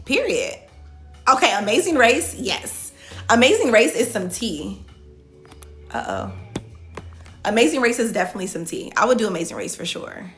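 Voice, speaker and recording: Bright-voiced woman chatting on a livestream. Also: a little high, sing-song, moderate pace, long pauses, faint music behind. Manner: chatty, reads viewer comments aloud and answers them; frequent "like" fillers and restarts. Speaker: reality show contestant hosting a live Q&A. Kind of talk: casual livestream chat.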